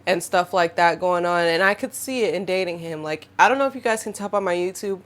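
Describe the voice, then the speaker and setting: A young woman in her twenties, hosting her own podcast, talks straight to her audience in a casual, expressive way and acts out what people said to her. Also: fairly low pitch, fairly quick. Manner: expressive, animated, acts out quotes. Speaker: podcast host. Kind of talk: casual monologue to camera.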